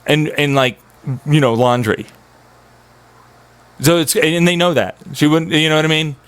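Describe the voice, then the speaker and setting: A man's voice: fairly high pitch, a little slow, fairly bright tone, clear, resonant tone. A young man streaming, venting in an agitated, profane, rambling monologue.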